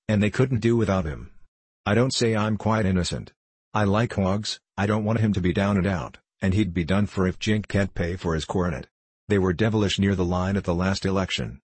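Man reading as a world-weary ironic gentleman sleuth. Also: sits low, slightly rough, no room sound. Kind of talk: audiobook dialogue reading.

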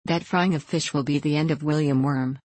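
A grumbling old manservant muttering to himself in broad country speech, as a woman reads him. The voice sits deep and low, close and dry with no room around it. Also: steady tone, normal speed, darkish tone, no room sound.

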